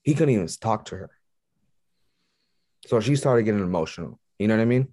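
Brief: man, low voice, dry close sound, blunt cursing storyteller, halting. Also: lively intonation, warm tone, dry recording. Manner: profane, rambling, halting retelling. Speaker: guest. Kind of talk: casual storytelling.

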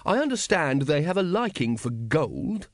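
A man's voice: on the high side, very animated, normal speed, dry recording, studio quality, pitched above the performer's own voice. A man voicing a nervous, fawning male city secretary who answers with precise deference in an audiobook. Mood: deferential. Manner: deferential, precise, keeps saying my lord. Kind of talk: audiobook character voice.

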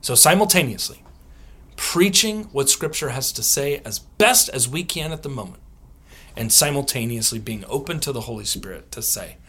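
A male theologian talks on a podcast with a bright, slightly husky voice. His pitch swings widely as he tells stories, and he acts out the people in them and laughs often. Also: very animated, normal speed. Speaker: guest author and theologian. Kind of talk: podcast interview, storytelling answers.

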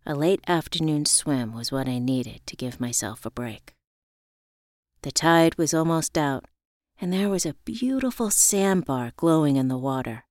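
Low-voiced woman narrating a story. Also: a little mellow, no room sound, studio quality. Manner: reflective, measured, introspective. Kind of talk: first-person story narration.

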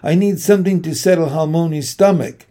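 A man's voice: a little high, brisk, warm tone, close to an everyday voice. Man voicing an upset, scolding mother. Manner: tense, scolding questions. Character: worried, stern adult mother. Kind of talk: audiobook character voice.

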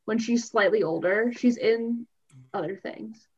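A woman's voice: a little high, a little slow, a little mellow, slightly rough. A woman co-hosting a podcast, chatting casually, hesitant and trailing off. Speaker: podcast co-host. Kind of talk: casual chat. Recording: slightly dull lo-fi audio.

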